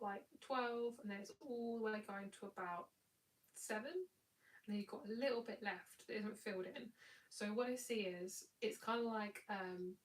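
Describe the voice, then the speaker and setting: A woman's voice: mid-range voice, distant mic, poor audio. A tired woman giving a live tarot reading in a chatty, rambling, affectionate way. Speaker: tarot reader.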